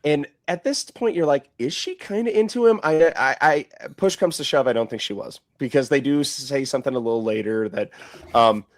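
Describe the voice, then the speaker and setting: Male podcast co-host, relaxed and chatty, quotes dialogue with a raised voice, mid-pitched. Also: moderate pace. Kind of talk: casual podcast chat.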